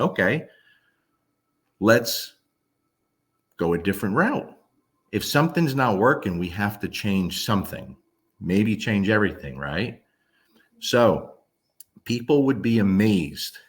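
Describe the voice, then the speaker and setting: A man, a dog trainer, talking casually to camera, emphatic and blunt, often asking the listener whether they understand. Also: deep voice. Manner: emphatic, keeps checking in with the listener.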